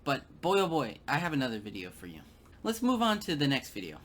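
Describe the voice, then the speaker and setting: A man's voice: medium pitch, huge pitch swings, fast, a bit bright. A man giving sarcastic video commentary, stammering and repeating words.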